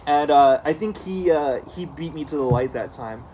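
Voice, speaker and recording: Man, somewhat high voice, laid-back, casual swearing, faint background ambience. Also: normal speed, warm tone, highs cut off, a little hiss or hum. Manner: laid-back, swears casually, laughs at his own stories. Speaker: podcast co-host. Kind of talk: casual storytelling chat.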